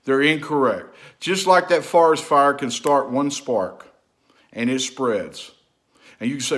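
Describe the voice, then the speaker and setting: A man hosting his own video channel, talking straight to the viewer in an impassioned, repetitive way. He swings between loud urging and low, confiding asides, and keeps asking rhetorical questions. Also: lively intonation, a little slow. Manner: preachy, asks the listener rhetorical questions. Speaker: vlog host. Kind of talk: impassioned direct-to-camera monologue.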